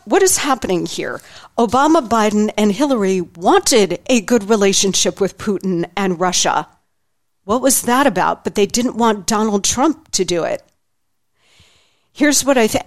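Middle-aged lady talk host reading her own book out loud, snarky and punchy. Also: mid-range voice. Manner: sarcastic, mocking, emphatic.

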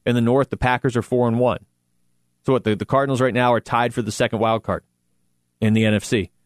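Guy hosting sports talk, casual and animated, jokes at himself, dead dry studio mic. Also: mid-range voice, quick pace, no echo. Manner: conversational, animated, self-deprecating asides. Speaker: sports radio host.

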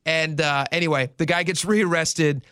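A male radio host telling a news story in casual, animated talk and acting out the quotes. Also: a little high, normal speed, clear, resonant tone, no echo, clean studio sound.

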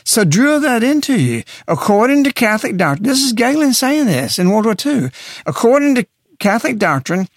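A man's voice: extremely high pitch, big pitch swings, moderate pace, no echo, clean studio sound. A man speaking on a radio talk show in an impassioned, preaching way, pressing his points hard. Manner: forceful, preaching, emphatic.

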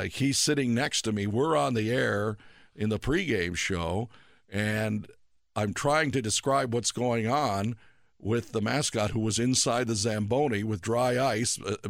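A man's voice: lowish voice, no echo, clean studio sound. Man recalling a broadcast memory. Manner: conversational recollection. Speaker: radio sports broadcaster. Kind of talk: anecdote.

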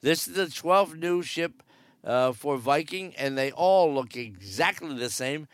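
A man's voice: a little high, animated, measured pace, clean tone, no echo, clean studio sound. A man giving casual, wry cruise news commentary from aboard a ship, joking sarcastically. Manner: chatty and wry, jokes sarcastically.

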